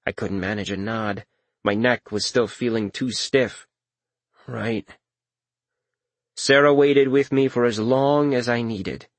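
A man reading a first-person audiobook in a measured, wry manner. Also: medium pitch, dry recording. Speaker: narrator.

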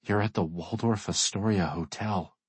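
A man voicing a teenage girl who talks in a lively, teasing way. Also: on the low side, normal speed, breathy edge, no room sound. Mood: cheerful. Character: upbeat teenage girl, the narrator's girlfriend.

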